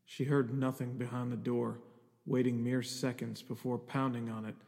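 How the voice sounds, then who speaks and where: A man reading a scripted horror story in a measured, even storytelling manner. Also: mid-range voice, gravelly. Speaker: narrator. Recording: long reverb with music underneath.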